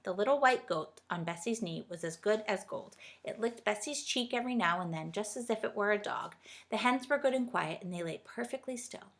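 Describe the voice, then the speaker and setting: A woman reading a children's storybook aloud in a steady, gentle storytelling way. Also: mid-range voice, brisk. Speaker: reader.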